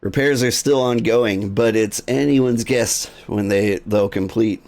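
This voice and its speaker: Brief: man reading formal official, low gravelly voice, measured and stiff, game dialogue. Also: a little mellow.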